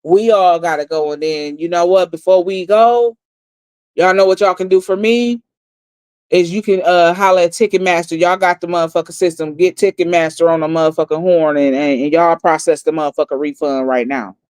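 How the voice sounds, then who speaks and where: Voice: mid-range voice, steady tone, a little fast, clear, resonant tone, no echo. A livestream host giving a blunt, profane story recap and repeating lines for emphasis.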